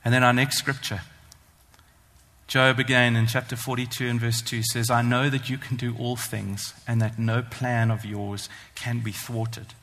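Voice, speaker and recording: A man preaching a sermon, earnest and emphatic, slowing down to stress the scripture he reads. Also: medium pitch, little pitch movement, fairly bright tone. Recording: long hall reverb.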